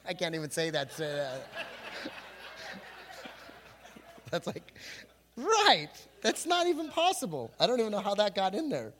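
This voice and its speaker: A middle-aged pastor speaks in a high-sitting voice at a measured pace, leaving long pauses as he tells stories in a humorous sermon. Jokey and animated, he acts out quotes in playful voices before a congregation in church.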